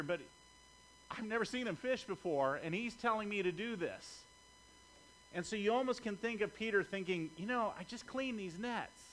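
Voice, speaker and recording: A man's voice: high voice, a bit bright, a little hiss or hum, rough recording. A middle-aged male pastor preaching a sermon in a conversational way, often checking in with his listeners.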